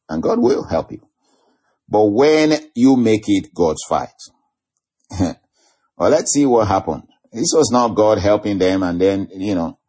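A man's voice: fairly low pitch, dark tone, breathy edge. A man preaching a sermon, laughing often and drawing out key phrases for emphasis.

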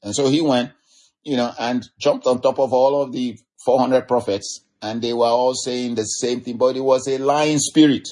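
A man's voice: medium pitch, steady tone, normal speed, darkish tone. A man giving an informal sermon, retelling a Bible story in a rambling, conversational way full of "you know". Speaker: preacher.

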